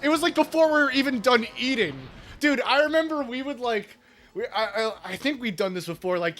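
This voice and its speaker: A man's voice: very high-pitched, expressive, a little fast, sharp tone. A man chatting casually while speedrunning a game, laid-back, laughing often and swearing freely. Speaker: speedrunning streamer. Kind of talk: casual chat while gaming.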